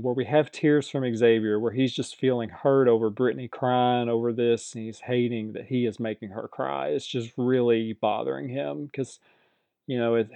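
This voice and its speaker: A man's voice: mid-range voice, creaky, warm tone, no echo. A man recapping a reality competition show in a casual, chatty way, often hedging and repeating himself.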